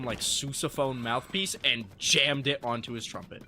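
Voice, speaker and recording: A man's voice: medium pitch, normal speed, sharp tone, a little hiss or hum. A young adult man streaming live, telling casual stories to his chat, swearing freely and laughing often.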